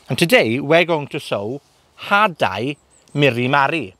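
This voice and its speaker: A Welsh man with a Welsh accent giving a gardening lesson in a polytunnel, speaking slowly and repeating words for learners. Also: a little high, lively intonation, sharp tone, no room sound. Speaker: gardening and language teacher. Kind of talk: bilingual outdoor lesson.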